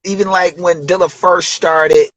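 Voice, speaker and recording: A man in his forties from Detroit, a rapper telling studio stories in a loose, profane, animated way during an interview. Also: sits high, a little slow, rough recording. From Detroit, USA. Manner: profane, animated storytelling with acted quotes. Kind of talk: casual storytelling interview.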